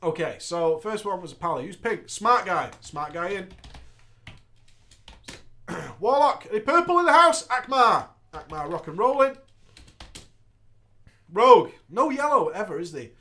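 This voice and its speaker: A man's voice: high voice, unhurried, long pauses. A man hosting a show, reading a viewer's gaming story aloud with crude, laughing comedic commentary. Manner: animated, profane, laughs often.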